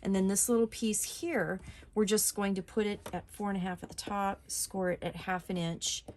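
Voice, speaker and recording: A woman hosting a casual step-by-step craft tutorial at her desk, talking in a chatty, relaxed way with frequent ums and small restarts. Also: mid-range voice, moderate pace, slight background noise.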